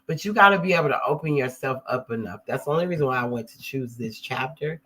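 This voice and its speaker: A man hosting a casual religious discussion on a live stream, animated and exclaiming when excited. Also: medium pitch, quick pace, poor audio.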